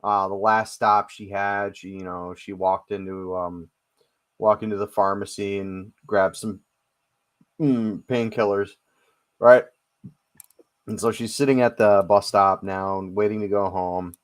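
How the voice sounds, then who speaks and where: A man's voice: fairly low pitch, fairly even intonation, a little slow. A man in casual chat, joking and laughing easily, with a phlegmy cough. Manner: jokey, laughs easily, tells jokes too.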